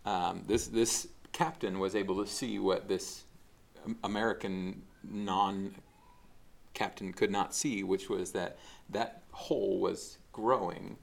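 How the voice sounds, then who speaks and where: A pastor with a deep, gravelly voice teaches slowly in a casual sermon, not putting on a performance. He speaks conversationally, leaning on fillers and frequently restarting.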